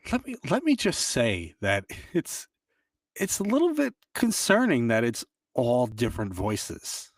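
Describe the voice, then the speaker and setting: A man co-hosting a podcast in casual chat, easygoing and quick to agree and laugh along. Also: medium pitch, wildly swooping pitch, no echo, recorded from a distance. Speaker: podcast co-host. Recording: dry voice a bit off the mic.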